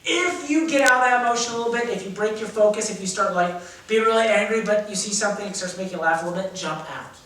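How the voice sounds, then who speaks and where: A man teaching a drama class, energetic and demonstrative, acting out feelings as he explains them. He is heard from across a big, very echoey room, picked up by a distant camera mic. A faint hiss sits under his voice. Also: sits high, fast talker. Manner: energetic, acts out emotions as he explains.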